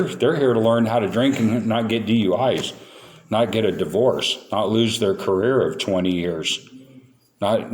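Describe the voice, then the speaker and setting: Low-voiced man telling his recovery story. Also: darkish tone. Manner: candid, storytelling, playful self-mockery. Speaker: recovery meeting speaker. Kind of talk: recovery talk to a meeting.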